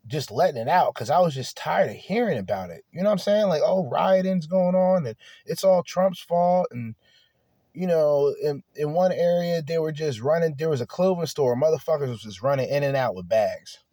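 A man's voice: fairly high pitch, animated, fairly quick, dark tone, dry recording, studio quality. Blunt, profane man ranting casually. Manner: blunt, profane, rambling with restarts. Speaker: podcast host. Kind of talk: casual monologue.

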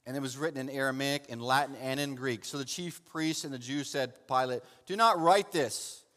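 Fervent preacher in an echoing church hall. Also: male voice, medium pitch, flat delivery, fairly quick. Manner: dramatic preaching that swings from loud and fervent to hushed and soft; addresses listeners as "saint". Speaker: pastor. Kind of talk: sermon with Bible reading. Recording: long hall reverb.

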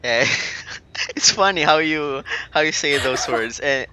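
A Filipino-accented co-host on a casual podcast, relaxed and teasing, laughing often. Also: medium pitch, takes it slowly. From Philippines. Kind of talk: casual chat.

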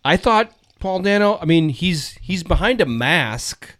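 A man's voice: high-pitched, expressive, a little slow, a bit bright. A man in a casual film chat who muses and hesitates as he works out his opinions. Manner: musing, hesitant, circles around his opinions.

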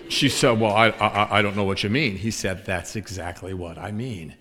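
In a sermon, a man tells a story with animated flair, performing the voices of both sides of a dialogue. His pitch is fairly low and he speaks a little slowly. A long hall reverb hangs on the sound.

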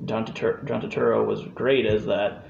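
A man in casual podcast chat about a movie, relaxed and jokey. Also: on the low side, moderate pace, vocal fry. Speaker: podcast co-host. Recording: muffled echoey room with faint hiss.

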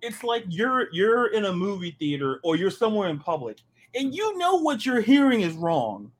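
Animated high-voiced man ranting about football. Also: normal speed. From American South. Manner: animated, ranting, repeats words when excited. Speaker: podcast co-host. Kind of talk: casual sports chat.

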